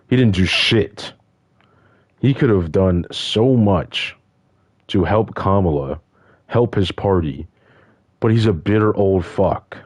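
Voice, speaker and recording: A man's voice: sits low, darkish tone, no room sound, studio quality. An upset man from the United States ranting in frustration and swearing constantly. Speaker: vlogger. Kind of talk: angry casual rant.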